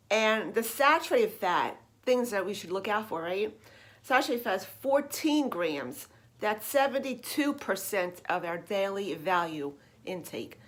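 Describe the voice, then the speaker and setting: A woman's voice: mid-range voice, a bit bright. A woman, a lifestyle and weight management coach, telling her personal story to the camera in a chatty way, with frequent exclamations and asides. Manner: chatty, exclaims often, many fillers and asides.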